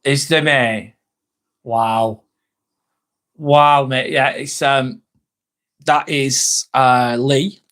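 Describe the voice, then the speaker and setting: A man's voice: medium pitch, steady tone, very slow, long pauses, a bit bright. A young man, chatting bluntly on a live stream, reading and answering viewer comments and swearing freely. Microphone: phone.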